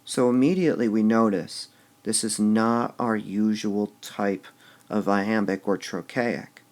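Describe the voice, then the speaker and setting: A man teaching poetic meter in a recorded lesson, slowly sounding out syllables and muttering to himself as he marks the stresses. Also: on the low side, fairly even intonation, a little mellow. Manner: slow and deliberate, sounding out stressed syllables, drops to a mutter when writing.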